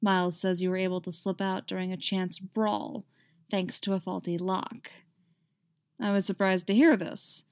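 A woman's voice: lowish voice, no echo, clean studio sound, lightly acted. A woman voicing an exasperated male king who scolds in a clipped, stern way.

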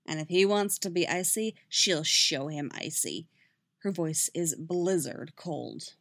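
Woman narrating with a lively voice. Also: lowish voice, unhurried, no echo, studio quality. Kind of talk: fan fiction reading.

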